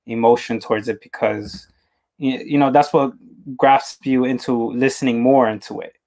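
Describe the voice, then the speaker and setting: A man hosting an interview, talking casually in halting, rambling sentences with many repeated words. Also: mid-range voice, steady tone, darkish tone. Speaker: interview host.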